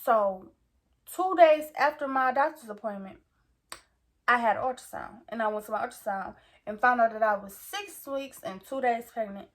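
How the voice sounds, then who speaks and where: A woman's voice: a little high, normal speed. Slangy young woman telling a story. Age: young adult. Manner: slangy, rambling, repeats "like" and "you feel me". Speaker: vlogger. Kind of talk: casual storytime chat.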